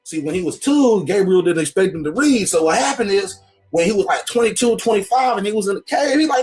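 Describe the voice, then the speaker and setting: Brief: male host, high voice, wildly lively, joking commentary in slang. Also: brisk, faint music behind. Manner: slangy, animated. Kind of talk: comedic commentary reading a text.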